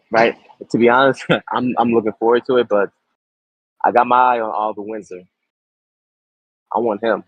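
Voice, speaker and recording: A husky young man chats eagerly in a wrestling post-show interview, slangy and quick to laugh. His voice is dry and dull, as if from a cheap mic. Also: fairly low pitch, flat delivery, no room sound. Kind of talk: casual wrestling promo.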